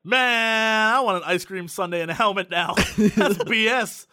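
A young man with a very high, lively voice chatting and joking as co-host. His voice is bright, and the sound is dry and close. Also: measured pace, no room sound. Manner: joking, animated. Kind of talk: casual chat.

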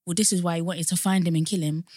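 A young woman co-hosts a casual podcast chat, her voice low and explanatory, rising when something outrages her. The recording is close and dry, with no room sound. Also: steady tone, fast, darkish tone, no room sound. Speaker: podcast co-host.

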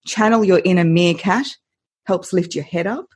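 A woman voice coach on a podcast interview, expressive and playful, laughing often and using lively analogies. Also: on the low side, moderate pace, a little hiss or hum.

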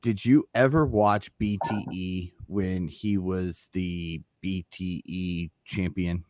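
A man's voice: low voice, steady tone, takes it slowly, darkish tone, no room sound. A man co-hosting a podcast, chatting casually and laughing often while looking things up. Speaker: podcast co-host. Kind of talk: casual chat about wrestling.

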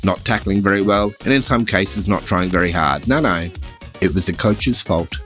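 A man's voice: low-pitched, moderate pace, a bit bright, soft background music. Wry Australian man hosting a comedy podcast. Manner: sardonic, wry satirical delivery. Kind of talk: scripted comedy monologue.

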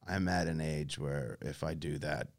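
A middle-aged man, a comedian guest on a podcast, chatting casually and telling rambling stories that drop into quiet mumbles and break into laughs. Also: a bass voice, fairly even intonation, unhurried.

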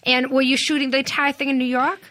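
Female co-host, teasing and provocative, rapid delivery, bright tone. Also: sits high, flat delivery, slight background noise. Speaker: podcast co-host. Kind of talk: casual chat.

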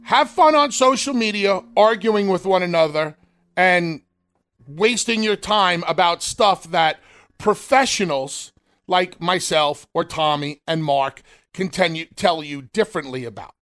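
A man's voice: high-pitched, unhurried. A man co-hosting a casual wrestling talk show, speaking emphatically and addressing fans directly as a former professional. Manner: emphatic, animated, talks straight to fans. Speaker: podcast co-host, former wrestler.

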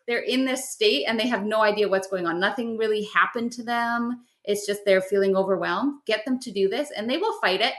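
Middle-aged woman guiding gently, roomy sound. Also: medium pitch, a little fast, few pauses. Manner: gentle, instructive, step-by-step guidance. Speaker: guest teaching spiritual practice. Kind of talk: explanatory podcast chat. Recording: roomy echo.

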